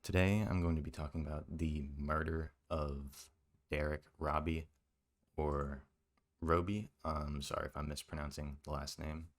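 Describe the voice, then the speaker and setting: A male commentary channel host reacts to something with indignant emphasis, swearing and hammering the same points again and again. His voice is a deep rumble with flat delivery at normal speed.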